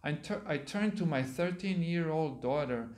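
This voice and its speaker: A man, a monk giving a sermon, reading a story aloud and pausing to explain words to his listeners, in a temple hall. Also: a little high, lively intonation, darkish tone. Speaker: monk lecturer.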